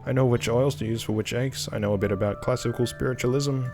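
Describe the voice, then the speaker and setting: A man voicing a gracious, enigmatic middle-aged woman in a slow, motherly old-lady voice while reading game dialogue aloud. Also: medium pitch, fairly even intonation, over music, natural voice. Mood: genteel.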